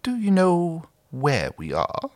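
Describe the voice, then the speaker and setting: A cold, scheming alien warlord, put on by a man reading fan fiction aloud, his voice pushed well above its natural pitch. He speaks slowly and with measured command, and the lines rise and fall widely. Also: huge pitch swings, exaggerated voice. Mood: calculating.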